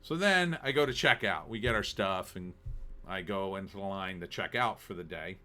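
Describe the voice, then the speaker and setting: A man's voice: low voice, expressive, moderate pace, pushed and bright. A man telling a story in a casual rant, sarcastic and exasperated, acting out both sides of the dialogue.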